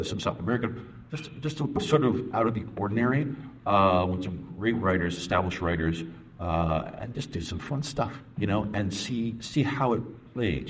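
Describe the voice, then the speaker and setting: A middle-aged man with a low, deep voice answers a question from the floor at a comics panel. He tells a long, rambling story and acts out what others said. A faint hiss runs under the recording.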